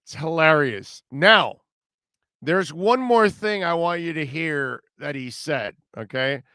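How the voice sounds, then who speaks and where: A man's voice: a little high, expressive, takes it slowly, sharp tone, smooth, no echo, clean studio sound. A man hosting sports talk radio, blunt and rambling, with sarcastic asides.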